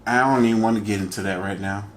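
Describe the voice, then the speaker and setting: A man's voice: on the low side, steady tone, fast, slight background noise. A man hosting a reaction video, talking casually and loosely and laughing often at the clip.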